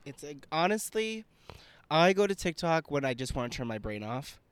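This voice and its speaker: Lively, jokey man co-hosting a podcast. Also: a little high, moderate pace, smooth, no room sound. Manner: playful, jokey, tells dad jokes with exaggerated delivery. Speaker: podcast co-host. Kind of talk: casual chat.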